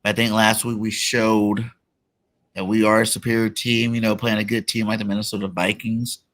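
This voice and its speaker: A man hosting a casual sports talk show, relaxed and full of "you know" fillers. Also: fairly low pitch, moderate pace. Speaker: podcast host.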